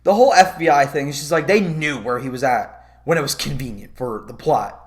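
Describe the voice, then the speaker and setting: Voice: mid-range voice, brisk. A vlogger ranting about a movie in a casual comedic review, swearing often and laughing. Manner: profane, animated, laughing.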